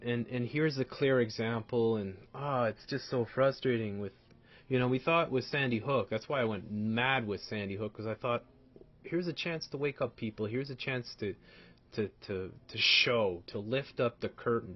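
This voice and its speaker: A man rants in outraged commentary, full of profanity and repeated phrases. He lurches between bitter mutters and loud outbursts. The recording sounds dull and lo-fi. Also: mid-range voice. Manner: furious, profane, repeats himself, swings between shouting and muttering. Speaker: commentator reacting to a video. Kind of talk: angry ranting commentary.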